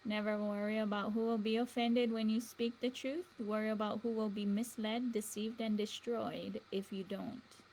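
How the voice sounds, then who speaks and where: A woman's voice: mid-range voice, little pitch movement, normal speed, hardly any pauses, darkish tone, slight background noise, poor audio. A woman hosting a show in a meandering casual monologue, chuckling between thoughts. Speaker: livestream show host.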